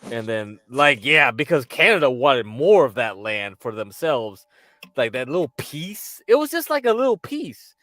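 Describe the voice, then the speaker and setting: A man's voice: medium pitch, very animated, moderate pace, a bit bright, no echo. A man ranting loosely in casual chat, rambling and swearing with frequent laughs. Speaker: podcast host.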